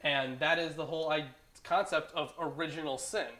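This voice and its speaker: A man hosting a casual discussion, often laughing and halting with fillers. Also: a little high, steady tone, pushed and bright.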